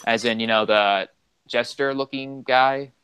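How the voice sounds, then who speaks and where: A man's voice: mid-range voice, fairly even intonation, unhurried, bright, forceful tone, smooth, low-quality recording. A man co-hosting a casual gaming chat, rambling through game trivia with lots of fillers. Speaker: co-host.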